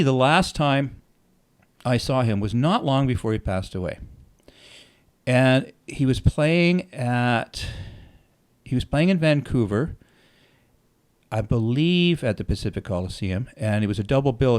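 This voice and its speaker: Animated middle-aged man telling stories. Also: mid-range voice, unhurried. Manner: animated, acts out quoted dialogue, swears freely. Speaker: musician telling stories on his own podcast. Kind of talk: casual storytelling.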